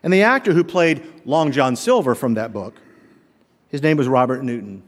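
A middle-aged man preaching a sermon as pastor, animated, asking the congregation rhetorical questions. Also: mid-range voice, normal speed. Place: church sanctuary. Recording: long reverb of a large hall.

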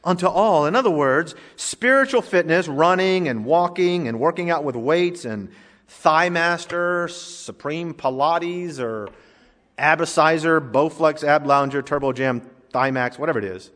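A man's voice: fairly high pitch, unhurried, fairly bright tone. A male pastor preaching a sermon in a conversational, joking way, in a church sanctuary. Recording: long reverb of a large hall.

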